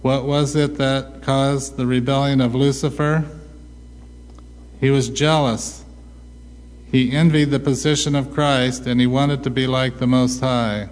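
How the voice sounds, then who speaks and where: A man preaching a sermon, asking rhetorical questions and answering them himself with a slow, deliberate delivery. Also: medium pitch, little pitch movement, darkish tone. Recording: long hall reverb.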